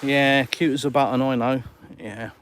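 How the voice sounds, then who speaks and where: A man's voice: medium pitch, fairly even intonation, moderate pace. A middle-aged English man with an English accent, chatting casually on a live stream from his house and answering viewers' comments. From England. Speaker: livestream host. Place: at home in a house. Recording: clear background noise with clicks.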